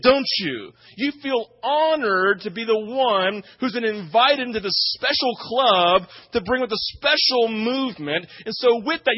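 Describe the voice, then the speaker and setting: A man with a notably high voice delivers a sermon, speaking to his congregation in a conversational way. He keeps asking "right?" and throws himself into the quotes he acts out. The recording sounds muffled and lo-fi. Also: dry recording. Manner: acts out quoted speech with energy. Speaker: pastor.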